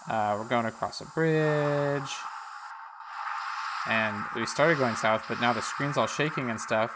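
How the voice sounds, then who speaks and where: An unhurried man at medium pitch hosts a let's-play podcast in a noisy setting. He chats casually and narrates the game dialogue out loud.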